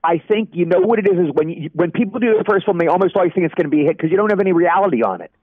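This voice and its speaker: A man in his sixties telling animated anecdotes as an actor in a casual interview, acting out the people he quotes. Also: high-pitched, rapid-fire, slightly rough. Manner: animated anecdote teller, acts out quoted voices. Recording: dry, dull lo-fi audio.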